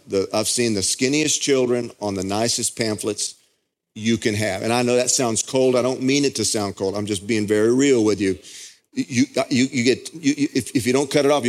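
A middle-aged pastor, preaching a sermon as a story that keeps building in intensity. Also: male voice. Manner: impassioned storytelling, pitch climbing as he builds.

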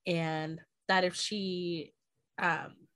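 Woman podcast co-host, lowish pitch, dry close mic, chatty plot recap with plenty of swearing. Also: level tone, very slow, a bit bright, no room sound. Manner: retells the plot, swears a lot. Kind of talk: casual book-club chat.

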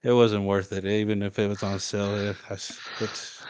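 Blunt, low-voiced man griping casually. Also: level tone, normal speed, a little mellow, smooth. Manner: blunt, complaining gamer talk. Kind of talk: casual chat.

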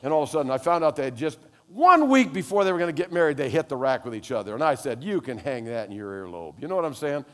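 An older man preaching a sermon as pastor, telling animated stories that rise to loud exclamations. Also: on the high side, very fast, hardly any pauses, long reverb tail.

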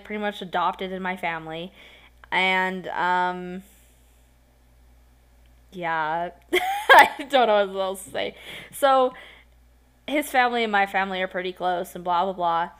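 A woman's voice: medium pitch, measured pace, pauses often, clean tone. Young woman, solo podcast host; tired, giggly, rambling delivery full of fillers. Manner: rambling, giggly, self-conscious, lots of fillers. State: tired, yawning. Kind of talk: casual solo podcast storytelling.

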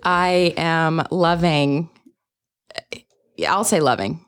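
A woman's voice: deep voice, slow. A woman in casual, playful podcast chat, joking with friends. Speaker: podcast co-host or guest.

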